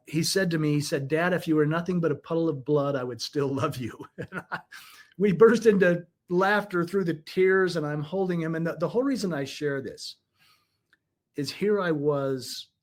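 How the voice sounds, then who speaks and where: A man's voice: a little high, a little mellow. A middle-aged man, a podcast guest, telling an emotional personal story in an earnest, reflective way with frequent restarts.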